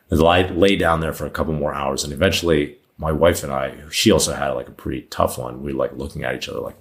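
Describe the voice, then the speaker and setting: This podcast guest, a man in his thirties, has an extremely low-pitched, slightly bright voice with fairly even intonation. He talks a little fast with few pauses, rambling candidly through a personal story with lots of fillers and false starts, as in casual conversation.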